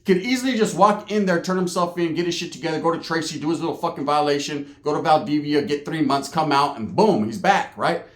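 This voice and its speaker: A man hosting his own channel tells a story in a loose, profane, streetwise way. His voice sits a bit higher than most men's. The room around him is echoey. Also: brisk, few pauses. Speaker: channel host telling a story. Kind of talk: casual storytelling monologue.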